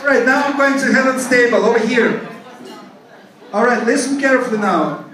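A man's voice: very high voice, normal speed, fairly bright tone, very echoey, distant mic, low-quality recording. A man with a Russian accent, MC at a birthday party, running a joking trivia quiz for the tables in English and Russian. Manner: jokey, playful, switches between English and Russian. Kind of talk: party hosting, quiz questions to guests. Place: banquet room at a hotel party.

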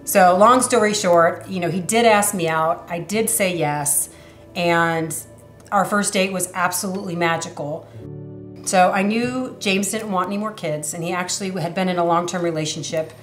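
A woman's voice: lowish voice, moderate pace, reverberant. Woman telling a testimony over music. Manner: earnest, emotional storytelling with many fillers. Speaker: church member sharing her testimony. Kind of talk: personal testimony interview.

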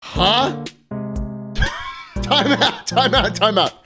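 A man streaming, reacting to clips with loud, incredulous, swearing commentary. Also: extremely high pitch, extremely slow, over music.

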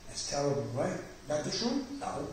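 A male pastor preaches with fervent, rising emphasis, his voice sitting high for a man. He is recorded from a distance in a very echoey church hall. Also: big pitch swings, moderate pace, a little hiss or hum. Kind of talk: Bible study sermon.

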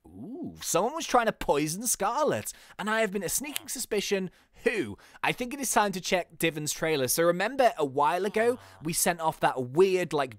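A woman giving let's play commentary, excitable, thinking aloud and singing little jingles. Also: on the low side, no room sound. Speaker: gaming YouTuber.

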